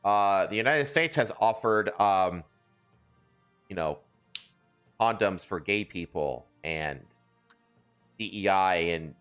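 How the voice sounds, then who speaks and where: A man hosting a podcast, reading news aloud in casual chat, crude and joking and quick to laugh. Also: sits low, fairly bright tone, clear, resonant tone, faint music behind. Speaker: podcast host.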